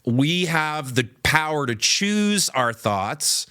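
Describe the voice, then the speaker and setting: A man's voice: fairly high pitch, sing-song, slow, pushed and bright, smooth. A man co-hosting a podcast, speaking reflectively about personal growth in casual chat. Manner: reflective, with many "uh" fillers. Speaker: podcast co-host.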